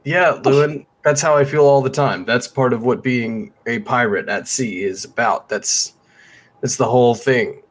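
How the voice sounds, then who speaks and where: A man's voice: mid-range voice, normal speed. A man playing in a tabletop game, chatting casually, easygoing and joking as he speaks for his character. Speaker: player.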